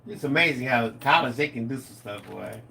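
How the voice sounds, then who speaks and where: A middle-aged man co-hosting a live stream, telling stories in a lively, animated way. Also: mid-range voice, fairly quick, gravelly, a little hiss or hum. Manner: animated storyteller, acts out quotes. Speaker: co-host of a live craft stream. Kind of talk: casual storytelling chat.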